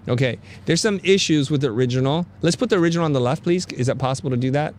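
A man's voice: fairly high pitch, rapid-fire, darkish tone, a little hiss or hum. A man hosting a casual design critique live stream, upbeat and joking as he teases his guests. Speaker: host of a design critique show.

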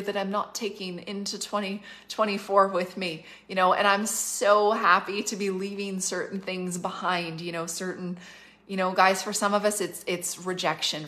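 A middle-aged woman from Canada giving livestreamed prophetic teaching, emphatic and fervent, slowing down to stress key phrases and rushing through asides. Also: lowish voice, bright, forceful tone. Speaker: prophetic minister and school leader.

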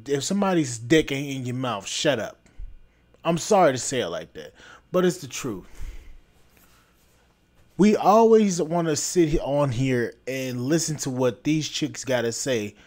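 A man's voice: medium pitch, a little mellow. A man hosting a podcast, delivering a blunt, repetitive, scolding opinion rant. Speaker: podcast host.

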